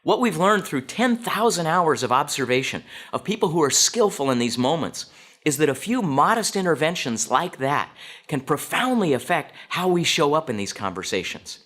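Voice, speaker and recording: A man speaks to an audience with a bright, crisp edge, his pitch swinging widely as he tells his story. He often turns to his listeners with direct questions. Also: sing-song, normal speed.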